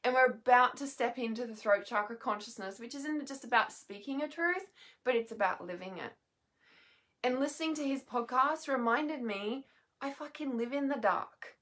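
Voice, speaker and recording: A tired woman venting at home from her bed, with a slightly high voice. Her talk is raw and restless, full of swearing, trailing off and restarting. She sounds emotionally worn. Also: moderate pace, a bit bright. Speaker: healer and mentor vlogger. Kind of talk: emotional unscripted monologue.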